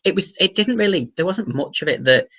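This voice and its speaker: A man's voice: high voice, animated, fairly quick, sharp tone, husky. A young man from England chatting casually on a livestream from home, rambling through restarts, fillers and casual swearing. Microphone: webcam.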